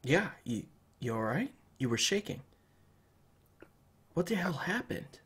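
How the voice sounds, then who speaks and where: Worried young man, urgent and caring, bright husky tone, voiced by a male player. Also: fairly high pitch, sing-song, unhurried, heavily acted.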